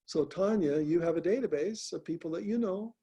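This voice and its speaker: A man with a notably high voice coaches people on a group call. He talks in a direct, encouraging way and often restarts and repeats his words. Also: fairly quick, dark tone, breathy edge. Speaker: host, business coach.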